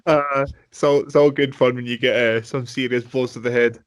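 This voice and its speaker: A man's voice: mid-range voice, steady tone, normal speed. Rambling man chatting as host. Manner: rambling, many fillers. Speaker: podcast host. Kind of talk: casual chat.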